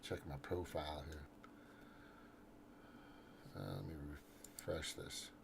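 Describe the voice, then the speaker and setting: With a deep, fairly even voice and vocal fry, a show host takes it slowly as he rambles through a profane political rant, reading out his posts while scrolling. He restarts frequently and trails off, over a noisy background.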